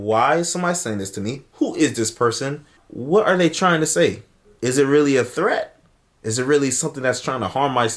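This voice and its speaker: A man telling a story in an animated commentary video, swearing casually, acting out what people said and laughing often. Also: a little high. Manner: lively, swears casually, acts out quotes.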